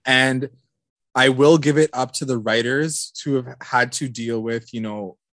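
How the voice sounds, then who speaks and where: Lively podcast co-host, dry close mic. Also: medium pitch, a little slow, no room sound. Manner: animated, swears freely, quotes characters in raised voice. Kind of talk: casual recap chat.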